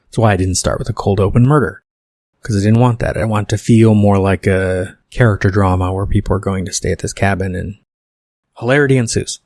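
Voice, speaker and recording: A man's voice: low-pitched, flat delivery, a little fast, darkish tone, no room sound, clean studio sound. A man hosting a podcast, reading his own screenplay and rambling through self-correcting asides about it. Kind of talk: casual podcast commentary on his own script.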